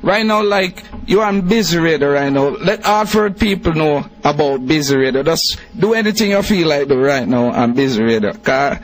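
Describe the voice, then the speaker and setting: A man's voice: a little high, lively intonation, distant mic, rough recording. A man hosting a casual radio interview, stumbling and repeating words as he asks questions. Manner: halting, repeats words, laughs often. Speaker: radio host.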